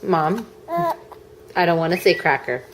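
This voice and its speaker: A woman's voice: lowish voice, unhurried, slight background noise. A mother using baby talk with her toddler, coaxing and repeating questions in a singsong way.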